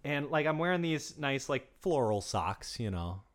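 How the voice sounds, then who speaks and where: A young man co-hosting a casual podcast, easygoing and quick to laugh as he tells a story. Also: medium pitch, sing-song. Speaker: podcast co-host. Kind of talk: casual chat.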